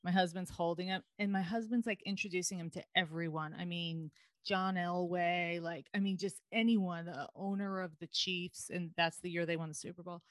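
A woman from New York with a lower voice, speaking as a podcast guest in a chatty, frank way with casual swearing. The recording is dry and close. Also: steady tone, normal speed, no room sound. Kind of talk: casual interview chat.

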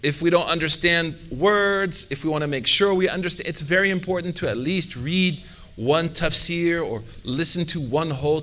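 A man's voice: fairly high pitch, bright, forceful tone. A man, an Islamic teacher, giving a conversational religious talk, full of fillers and sprinkled with Arabic phrases.

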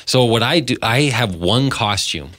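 A man's voice: mid-range voice, expressive, a little slow, fairly bright tone, no echo, clean studio sound. A man co-hosting a podcast, chatting casually in a laid-back, self-deprecating way. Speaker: podcast co-host. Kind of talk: casual chat.

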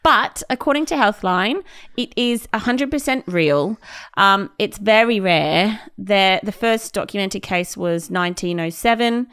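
A woman's voice: medium pitch, a little slow, fairly bright tone, clean tone, no echo. A woman reads out facts in a matter-of-fact way during a casual podcast chat. The recording is dry and close. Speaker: podcast co-host.

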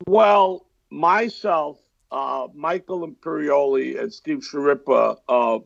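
A man from the Bronx with a New York accent, a guest actor chatting in a relaxed way with frequent pauses over a video call. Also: fairly high pitch, creaky, dry recording, lo-fi sound. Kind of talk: casual interview chat.

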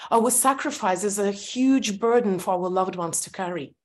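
A woman's voice: mid-range voice, normal speed. Candid woman guest who laughs often. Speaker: guest author. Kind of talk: podcast interview.

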